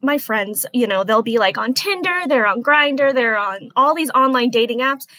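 A woman in her twenties, an interview guest, recounting a personal experience in an earnest, halting way that turns softly emotional. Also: a little high, animated, dry recording, poor audio. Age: 20s.

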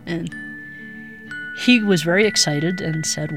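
A middle-aged woman from Colorado recounting her past as an interviewee, a lively storyteller who acts out the voices she quotes. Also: lowish voice, measured pace, long pauses, music in the background.

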